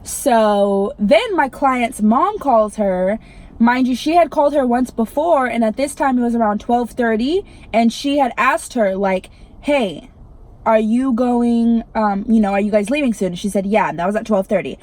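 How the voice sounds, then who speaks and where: A woman's voice: a little high, normal speed, darkish tone. A young woman, telling an irritated storytime rant to her vlog viewers, swearing and saying "like" a lot. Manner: irritated, swearing, heavy use of "like". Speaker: vlogger.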